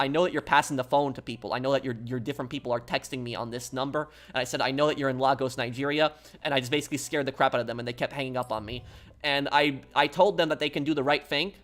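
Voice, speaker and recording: A man's voice: medium pitch, fairly bright tone. A man streaming a game and chatting casually with his viewers, rambling and repeating himself as he tells a story. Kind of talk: casual live-stream chat while gaming.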